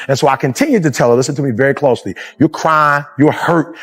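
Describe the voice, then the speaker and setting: A man delivers a motivational speech with a husky, slightly high-pitched voice. He talks like a preacher, dropping to low, intimate stretches and then climbing to loud, driving shouts. Soft music plays faintly under him. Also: fast talker, few pauses. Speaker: motivational speaker.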